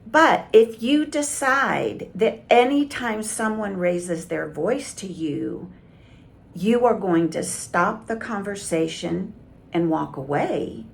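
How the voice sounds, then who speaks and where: A woman communication coach giving calm, measured advice straight to camera. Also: fairly low pitch, creaky, slight background noise. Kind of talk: direct-to-camera coaching talk.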